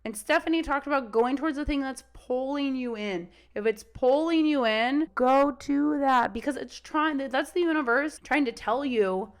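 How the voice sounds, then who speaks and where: A woman's voice: sits high, moderate pace, few pauses. Chatty swearing woman dog trainer. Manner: chatty, swears freely, acts out voices of dogs and owners. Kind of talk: casual podcast talk.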